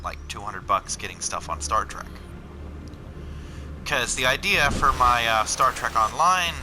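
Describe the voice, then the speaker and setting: A man's voice: fairly low pitch, rough recording. A man telling a long casual story in a rambling, profane way, with frequent asides. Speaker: vlogger.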